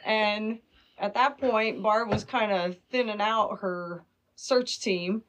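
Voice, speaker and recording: A woman's voice: mid-range voice, slow, noisy background. A woman guest, a dog trainer, telling stories animatedly and acting out quoted lines. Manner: animated storyteller, acts out quotes. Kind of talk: storytelling interview.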